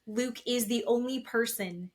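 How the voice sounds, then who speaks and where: A woman's voice: a little high, unhurried, a little hiss or hum. Chatty woman recapping reality TV. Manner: chatty, swears, acts out quotes in retelling. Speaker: podcast co-host. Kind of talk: casual chat recapping reality TV.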